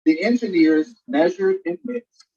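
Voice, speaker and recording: A woman reading a picture book aloud for a virtual storytime, animated and inviting listeners to join in. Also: fairly low pitch, unhurried, gravelly, distant mic, muffled recording. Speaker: storytime reader. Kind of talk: children's story read-aloud.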